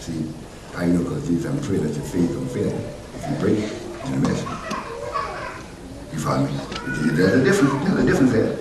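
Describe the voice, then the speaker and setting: Male pastor, low voice with lively swings, heard from far off in a roomy church with noise. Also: fairly quick, pauses often. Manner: preaching, rising to loud emphatic peaks; conversational asides and questions to the congregation. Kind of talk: sermon. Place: church sanctuary.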